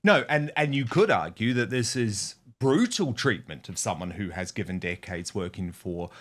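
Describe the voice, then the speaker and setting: A man's voice: fairly low pitch, lively intonation, normal speed. A male host giving emphatic, scornful opinion commentary and introducing his panel.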